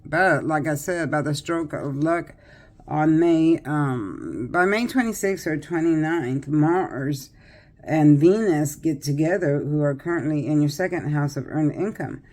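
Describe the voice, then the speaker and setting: A woman's voice: low-pitched, unhurried, darkish tone. A tired older woman doing a casual tarot reading, chatty and rambling with many fillers and restarts. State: tired, yawning. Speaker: tarot reader.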